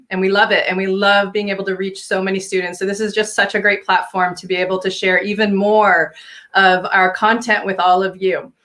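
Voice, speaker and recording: A woman's voice: mid-range voice, sharp tone. A middle-aged woman teaching a live craft workshop, enthusiastic and talkative. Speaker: mosaic art instructor.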